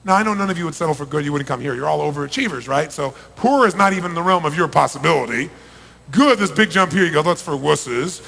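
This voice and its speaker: Emphatic man, fairly high voice, big hall. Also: lively intonation, fast, creaky. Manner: emphatic, rhetorical questions to the crowd, big swings in loudness. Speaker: motivational speaker. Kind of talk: live seminar talk to a big audience. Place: large event hall. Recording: reverberant large hall.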